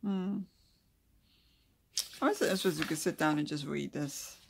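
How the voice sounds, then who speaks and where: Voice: medium pitch, moderate pace, gravelly, background noise. An adult host giving a casual calligraphy tutorial, reading notes aloud and then chatting loosely while demonstrating, with mumbled asides while drawing. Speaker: craft video host.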